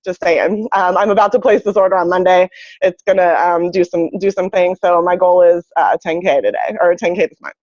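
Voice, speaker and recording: A woman giving an excited, laughing testimonial on a group video call. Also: lowish voice, brisk, no echo, lo-fi sound. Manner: excited, laughing often, animated voice swings. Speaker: team member sharing a testimonial on a group call.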